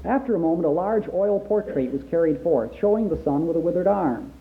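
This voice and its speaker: A man's voice: on the high side, expressive, brisk. A man reading a story aloud to his listeners and stopping now and then to add his own comments. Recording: tinny phone-like sound.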